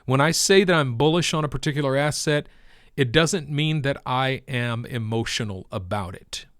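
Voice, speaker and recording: A man's voice: mid-range voice, normal speed, a bit bright, no echo, clean studio sound. A man giving casual commentary on the crypto market, with emphatic, preacher-like repetition.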